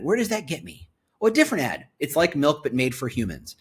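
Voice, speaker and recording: Excitable husky man reviewing websites. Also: high voice, a little fast. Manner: excitable, reads site copy aloud and reacts. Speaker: employer branding commentator. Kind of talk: screen-share website review.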